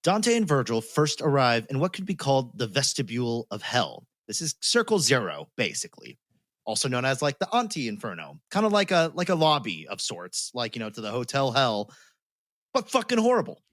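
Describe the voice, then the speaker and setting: A man's voice: medium pitch, big pitch swings, a little fast, a bit bright, no echo. A man hosting a podcast, retelling a story in casual chat, laughing often and swearing freely. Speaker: podcast host.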